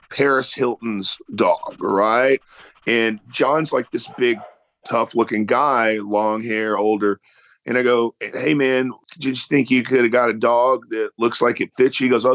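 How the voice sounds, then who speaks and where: A man, a guitarist, telling a backstage anecdote in a loose, swearing storyteller's way. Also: medium pitch. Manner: animated storyteller, salty language. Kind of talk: casual anecdote.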